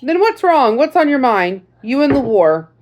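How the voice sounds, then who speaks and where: A woman's voice: sits high, big pitch swings, moderate pace, highs cut off, pitched above the performer's own voice. A woman voicing a folksy old male army sergeant, a wounded veteran who talks in homespun phrases. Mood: friendly.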